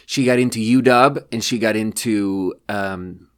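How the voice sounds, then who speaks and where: A man from Europe hosting a podcast, laid-back, laughing easily and drifting quieter when he tells stories. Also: fairly low pitch, measured pace, clean tone. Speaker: podcast host. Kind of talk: casual chat.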